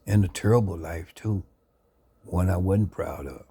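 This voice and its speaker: A man earnestly sharing his life story into a phone camera, reflective and unhurried. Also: deep voice, mellow, slightly rough. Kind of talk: personal testimony, casual talk.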